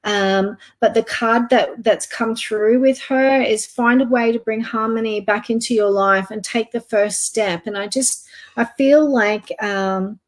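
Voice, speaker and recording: A woman giving a psychic card reading on a live online stream. She talks softly and gently, halting often with fillers. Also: fairly high pitch, steady tone. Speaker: psychic reader.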